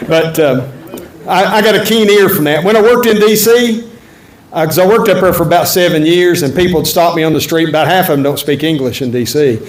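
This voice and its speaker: Man, high voice, blunt folksy politician at a town hall, echoey room, faint hum. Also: fairly quick. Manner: folksy, blunt, joking asides. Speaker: politician answering audience questions. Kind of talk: campaign town-hall speech and Q&A. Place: event room at a resort.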